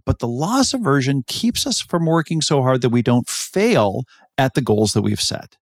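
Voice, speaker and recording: Gravelly man explaining on a podcast. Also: mid-range voice, very animated, normal speed, dry recording, clean studio sound. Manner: thoughtful, explanatory, with frequent restarts. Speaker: podcast co-host. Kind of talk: casual conversational podcast chat.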